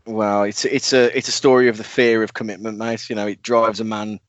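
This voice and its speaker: A man's voice: lowish voice, a little fast, dry recording. Jokey man, dry close sound. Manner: jokey, animated, doing mock impressions. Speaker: podcast co-host. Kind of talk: casual film-review chat. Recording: dry, dull lo-fi podcast audio.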